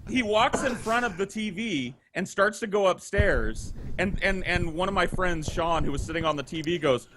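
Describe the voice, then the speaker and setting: A man's voice: high voice, moderate pace, few pauses, a bit bright. A man telling a long, profane anecdote in casual chat, rambling with restarts and quoting others. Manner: rambling, profane, full of restarts and acted quotes. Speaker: podcast storyteller. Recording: noisy home recording.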